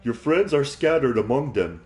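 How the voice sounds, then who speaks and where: A man voicing a benign ghost, giving measured, formal warnings in game dialogue. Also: mid-range voice, lively intonation, a little mellow, faint music behind, natural voice. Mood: ominous. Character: benign ghost, calm and ominous. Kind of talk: game dialogue read aloud.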